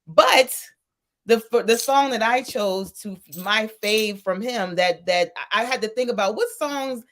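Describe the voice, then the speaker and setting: A woman's voice: on the high side, a little slow, fairly bright tone. A woman co-hosting a radio music show, chatting casually and playfully, laughing often and enthusiastic about the music.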